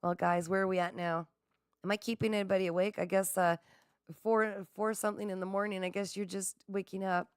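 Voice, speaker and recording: A woman's voice: medium pitch, a little fast, clear, resonant tone, no room sound, clean studio sound. A middle-aged woman hosting a livestream, chatting casually with viewers, reading their comments aloud and laughing often. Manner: excitable, laughs often, talks straight to viewers. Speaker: livestream host.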